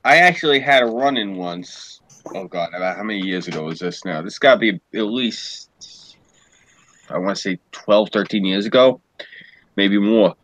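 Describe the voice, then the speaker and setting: Bright-voiced profane male storyteller. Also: fairly low pitch, animated, moderate pace, no room sound, poor audio. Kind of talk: casual storytelling chat.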